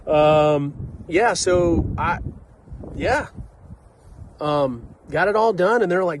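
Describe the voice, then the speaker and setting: A middle-aged man rambles through a casual, reflective monologue for his vlog, stumbling over restarts and tossing in "dude" and "right?" as he goes. His voice sits at an ordinary middle pitch. He is recorded outdoors, with faint traffic humming behind him. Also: unhurried. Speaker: vlogger.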